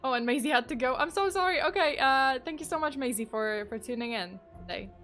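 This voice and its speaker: A woman's voice: sits high, expressive, a little fast, fairly bright tone, faint music behind. A woman streamer reading horror stories live who giggles often and breaks off into rambling asides. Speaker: streamer and storyteller.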